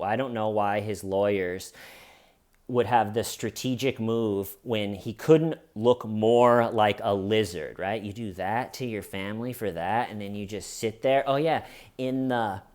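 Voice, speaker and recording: A man's voice: lowish voice, unhurried. A man giving casual true crime commentary as the host of his channel, with sarcastic, mocking asides.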